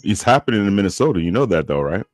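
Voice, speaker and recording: A man in a casual podcast chat, talking in a measured, hedging way. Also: low voice, sing-song, dry recording.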